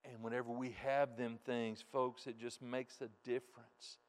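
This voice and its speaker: A man preaching a sermon in a folksy way, dropping soft and then rising loud and emphatic, from a church pulpit. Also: mid-range voice, little pitch movement, normal speed. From United States. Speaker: pastor. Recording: long reverb in a large hall.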